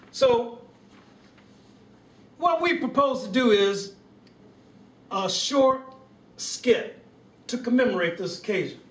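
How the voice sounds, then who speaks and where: A stately, slow-spoken president, as a man puts him on for a home birthday video, stretching every formal phrase with comic stumbles. He is heard from some distance in an echoing living room. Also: sits high. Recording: roomy room sound from a distant camera.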